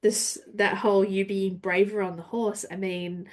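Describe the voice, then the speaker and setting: A woman's voice: mid-range voice, level tone, unhurried, darkish tone. Gushing woman podcast host, mid voice, lots of fillers. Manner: effusive, many fillers like "like". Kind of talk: podcast interview.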